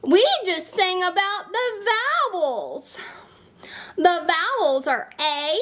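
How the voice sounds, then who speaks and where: A woman voicing a playful young dinosaur who sings and roars, teaching children in a sing-song, drawn-out way. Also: extremely high pitch, expressive, a bit bright, exaggerated voice. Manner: sing-song, stretches vowels, drawn-out words. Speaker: children's puppet show host. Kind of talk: children's sing-along lesson.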